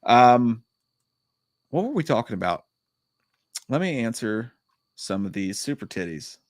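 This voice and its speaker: A man's voice: medium pitch, sing-song, unhurried, no room sound, studio quality. Profane rambling male live-stream host. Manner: reads viewer chat aloud. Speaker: podcast host. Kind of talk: casual live-stream chat.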